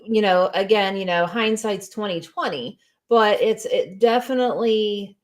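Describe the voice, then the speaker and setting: A woman's voice: medium pitch, unhurried. A woman chatting casually, telling stories with many fillers. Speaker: co-host. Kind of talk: casual chat.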